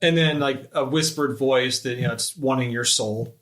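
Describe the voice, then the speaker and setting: A man playing in a tabletop game, talking in a halting way with lots of filler words. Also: mid-range voice, a bit bright. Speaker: player. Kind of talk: casual tabletop game play.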